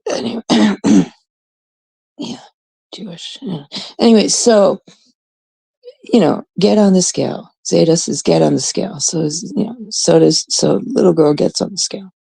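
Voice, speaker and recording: A woman's voice: on the low side, unhurried, gravelly, pauses often, dark tone, husky, low-quality recording. A woman in her thirties, a host from Canada, telling a rambling, casual story full of swearing and quoted voices. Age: 30s.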